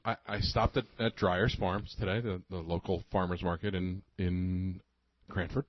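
A man's voice: deep voice, flat delivery, dry recording, lo-fi sound. A man co-hosting a food radio show, talking with enthusiasm and plenty of restarts about seasonal produce. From Northeast US. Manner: enthusiastic, halting with many restarts. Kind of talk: casual radio food chat. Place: radio studio.

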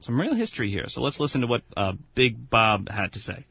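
A man's voice: medium pitch, big pitch swings, fairly quick, gravelly, husky, no room sound, highs cut off. Jovial man hosting a radio show. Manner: jovial, laughing often. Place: radio studio.

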